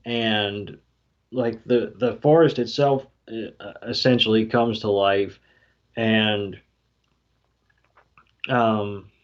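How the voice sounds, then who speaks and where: Podcast co-host, male, unhurried and rambling, slightly low, muffled home recording. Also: steady tone. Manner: slow, filler-heavy retelling with quoted lines. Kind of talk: casual podcast recap. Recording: dull lo-fi podcast audio.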